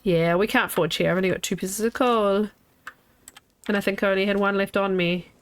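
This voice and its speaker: A woman's voice: medium pitch, steady tone, a little fast, clean tone. A woman in her thirties streaming a video game, chatting casually with her viewers in a rambling way that trails off and restarts.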